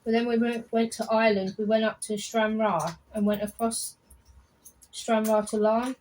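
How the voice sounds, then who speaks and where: Brief: fifties woman, client in a barbershop chair, rambling chatty talker, slightly high voice, noisy room. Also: fairly even intonation, normal speed, a little mellow. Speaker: salon client. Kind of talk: casual chat.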